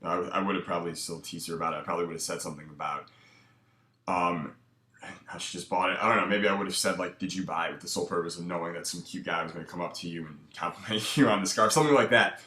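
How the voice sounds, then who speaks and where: A man's voice: low voice, quick pace, bright, forceful tone. A man coaching casually, breaking down footage with a laid-back, filler-heavy way of talking. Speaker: dating coach. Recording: echoey room.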